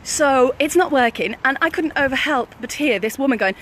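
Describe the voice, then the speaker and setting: High-voiced, laughing woman vlogger. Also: animated, moderate pace, few pauses, a bit bright, slight background noise. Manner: chatty, laughs often while telling stories. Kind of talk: casual live-stream storytelling.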